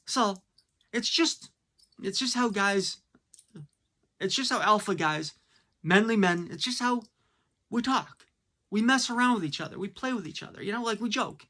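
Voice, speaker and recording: A man's voice: sits high, expressive, normal speed, long pauses, pushed and bright. A man giving a blunt, casual opinion monologue, full of fillers and rhetorical questions. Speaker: commentator.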